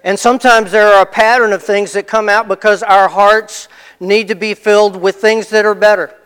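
High, smooth-voiced pastor in a reverberant hall. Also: male voice, level tone, moderate pace, a bit bright. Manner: storytelling, repeats phrases for emphasis. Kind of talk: conversational sermon. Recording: long reverb of a large hall.

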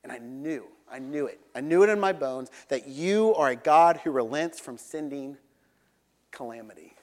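A young man preaching a sermon, earnest, dropping to a low hush for emphasis. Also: animated, normal speed, in a large hall. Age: young adult.

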